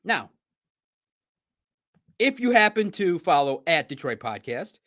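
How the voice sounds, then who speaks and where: A man hosting a sports podcast, telling stories in a chatty, animated way. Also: on the high side, slow. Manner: animated, chatty storytelling with laughs. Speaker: podcast host. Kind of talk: casual sports recap.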